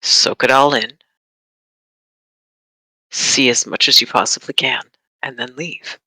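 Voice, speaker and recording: A tabletop player speaks in a measured, formal way, in character. The tone is bright and clear, and the sound is close and dry with no room around it. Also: medium pitch, very animated, no echo, poor audio. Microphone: desk mic for an online stream.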